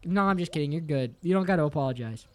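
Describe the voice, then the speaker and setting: Animated and quick, a man with a fairly high voice streams a game while reading chat aloud. He responds with profane, joking jabs and playful mock-dramatic teasing as faint game music plays.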